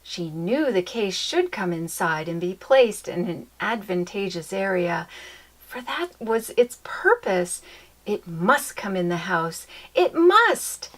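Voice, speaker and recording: A woman reading a children's chapter book aloud in an expressive, lilting storytelling manner. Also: fairly low pitch, takes it slowly.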